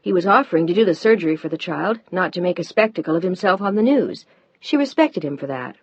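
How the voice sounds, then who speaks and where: A woman narrating an audiobook in a measured, even way. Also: lowish voice, husky, dry recording. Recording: dull dry audiobook recording.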